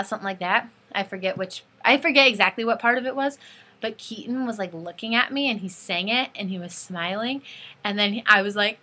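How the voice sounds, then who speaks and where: A teenage girl telling an excited fan story in a casual vlog, gushing and saying "like" constantly. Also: mid-range voice, brisk. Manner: gushing, breathless, says like constantly. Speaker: fan vlogger.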